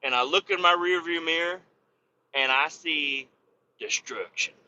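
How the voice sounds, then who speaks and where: A man's voice: fairly high pitch, a little slow, muffled recording, a little hiss or hum. A man hosting a podcast, casually telling a story with a lot of cursing and repeating himself. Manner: profane, animated, repeats himself.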